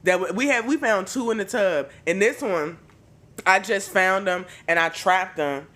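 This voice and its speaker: A woman hosting a podcast, telling stories in a casual, profane, animated way. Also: medium pitch, normal speed. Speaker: podcast host.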